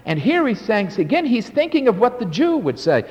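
A man's voice: sits high, sing-song, normal speed, muffled recording. An older man preaching a sermon as pastor, emphatic and drawn out, with sudden swells and drops in his delivery. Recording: long hall reverb.

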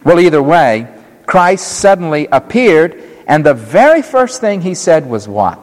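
A man's voice: on the high side, sing-song, unhurried. A man preaching a sermon, teaching through a Bible passage with dramatic storytelling and acted-out quotes, in a large hall.

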